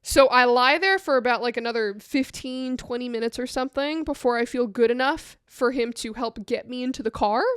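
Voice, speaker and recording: Casting note: woman, high bright register, smooth clean tone, dry close sound, animated storyteller for a casual chat show. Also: fairly quick, few pauses, dry recording. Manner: animated, acts out voices in her stories. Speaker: co-host.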